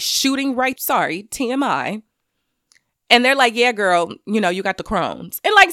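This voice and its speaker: A woman giving an intense personal monologue to camera, swearing freely and swinging between loud anger and quiet grief. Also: medium pitch, dry recording, clean studio sound. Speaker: commentator speaking to camera.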